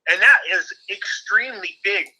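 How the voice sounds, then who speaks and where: A man calling in to a live show who banters in an excitable, joking and emphatic way. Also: high voice, moderate pace, slightly rough, rough recording. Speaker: caller. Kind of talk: casual call-in banter.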